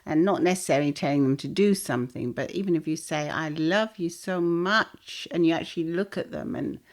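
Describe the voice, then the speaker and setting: A woman with a fairly low voice co-hosting a relaxed chat. She speaks thoughtfully and agreeably, chiming in with soft affirmations between her longer points. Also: brisk. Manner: reflective, agreeable, adds short affirmations. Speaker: podcast co-host. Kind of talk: casual chat.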